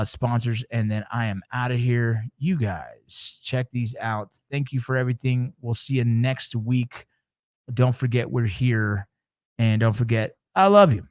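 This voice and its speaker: A middle-aged man at his usual pitch speaks to his audience with earnest, heartfelt warmth, often repeating himself and restarting sentences. The sound is close and dry, with no room echo. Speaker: show host. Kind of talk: casual motivational talk to listeners.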